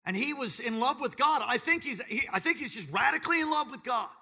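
A middle-aged pastor preaches to a church congregation in an animated, joking storyteller's manner. His voice sits high and bright, with a gravelly texture. He swoops widely between quiet asides and loud exclamations. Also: brisk. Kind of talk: sermon. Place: church service.

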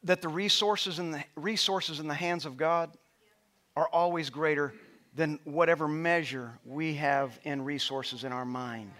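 A middle-aged male pastor preaching a sermon in a church, rising to loud passionate peaks and dropping to a soft storytelling voice. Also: fairly high pitch, fairly even intonation, a little slow. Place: church auditorium with stage lights.

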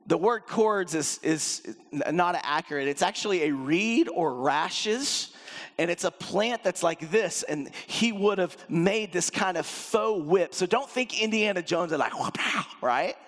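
A male pastor delivering a lively sermon, his voice sitting a bit high for a man. He swings from excited emphasis to hushed, intense low stretches. The sound carries the long reverb of a big hall. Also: a little slow. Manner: animated, emphatic, with sudden drops to a low intense voice.

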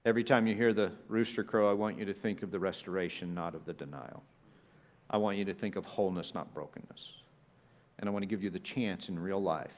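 A man preaching a sermon, building from quiet reflective lines to loud, emphatic peaks. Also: sits low, a little fast. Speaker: pastor.

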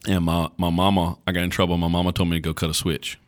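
This pastor speaks quickly in a low voice, chatting casually on a podcast. His storytelling is folksy and animated, peppered with fillers and false starts.

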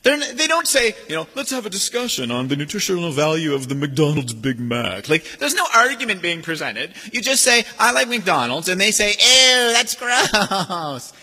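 A man preaching a sermon in a church, lively and expressive, mimicking sneering voices as he makes his points. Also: a little high, a little fast, hardly any pauses, husky. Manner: animated, acts out sneering voices. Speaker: pastor. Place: church sanctuary. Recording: long hall reverb.

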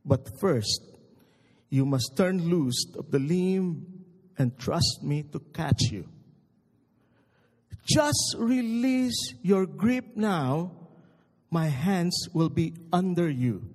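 A calm, commanding voice of God, put on by a preacher telling a joke. He speaks slowly, in a deep, measured way. The sound carries a long hall reverb. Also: full character voice.

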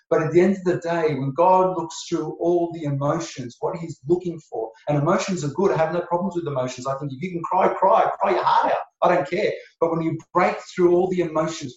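A man's voice: a little high, very echoey, far from the mic, muffled recording. A man preaching a sermon as pastor, emphatic and repeating his key phrases for weight.

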